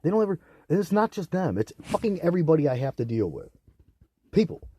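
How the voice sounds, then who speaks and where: A young man ranting angrily on his own, profane and bitter, swinging into loud outbursts. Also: on the high side, very animated, quick pace, breathy edge. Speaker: vlogger. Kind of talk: angry solo rant to camera.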